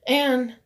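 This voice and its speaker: A woman in her room at home, telling a heated personal story, swearing casually and acting out what was said. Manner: animated, riled up, swears casually, lots of "I was like" quoting. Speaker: vlogger.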